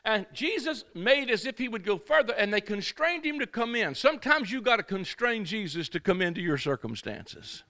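High, gravelly, animated preacher man. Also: normal speed, few pauses. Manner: exhorting call-and-response, swings from shouting to quiet storytelling; rambling asides, acts out quoted speakers. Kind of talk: sermon.

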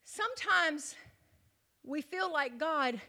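A woman preaching a sermon, swinging from loud, rising passages to hushed near-whispers. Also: sits high, expressive, takes it slowly.

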